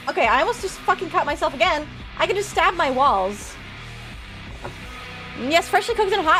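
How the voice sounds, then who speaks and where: Chatty high-voiced woman streamer. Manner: chatty, rambling, quick to laugh. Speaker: live streamer opening trading cards. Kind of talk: casual live-stream chat.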